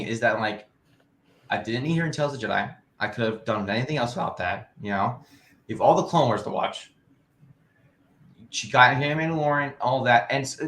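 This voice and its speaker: A man talking loosely and at length, filling his points with "you know" and "like". His voice sits at an ordinary middle pitch and carries a noticeable echo from the room around him. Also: fairly bright tone, a little hiss or hum. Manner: rambling, lots of "you know". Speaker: podcast co-host. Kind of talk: casual chat.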